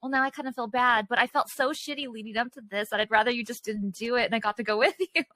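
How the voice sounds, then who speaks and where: A woman's voice: on the high side, fast talker, bright, forceful tone, no echo. A woman hosting a podcast in casual chat, asking her guest questions and sharing her own stories. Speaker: podcast host.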